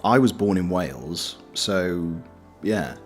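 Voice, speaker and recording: A man's voice: low voice, lively intonation, takes it slowly, faint music behind. A British man streaming, chatting casually and reading out viewer comments in a joking, self-deprecating, rambling way. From Britain.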